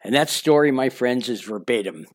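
A man's voice: mid-range voice, moderate pace. An older man reading his own memoir aloud, candid and conversational, speaking straight to the listener. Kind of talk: audiobook memoir narration.

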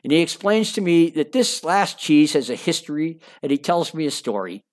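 A man's voice: fairly high pitch, very animated, normal speed. An older man narrating his own memoir in a folksy, enthusiastic way, with chatty asides.

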